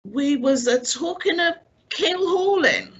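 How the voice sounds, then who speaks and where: A woman's voice: high voice, big pitch swings, takes it slowly, dull audio, voice pushed up, exaggerated voice. A woman voicing a timid, grey-haired old male sailor who stammers sheepishly.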